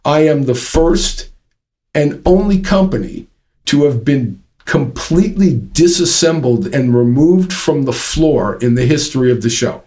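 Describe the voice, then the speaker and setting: A man's voice: a little high, lively intonation, measured pace, darkish tone. A man telling a long story as an interview guest, rambling with many fillers and restarts. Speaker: interview guest, drum company founder. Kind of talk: casual storytelling.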